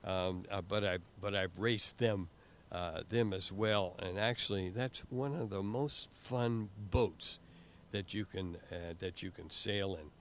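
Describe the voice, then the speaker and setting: An older man telling stories in a casual interview, halting and often repeating words as he goes. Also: low-pitched, a little hiss or hum. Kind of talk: casual storytelling.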